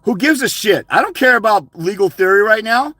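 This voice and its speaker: Male livestream host, sharp and forceful, shouts insults in a hard-edged rant. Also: high-pitched, lively intonation, a little fast, no echo. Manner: aggressive, profane, shouting insults. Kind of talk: livestream rant answering questions.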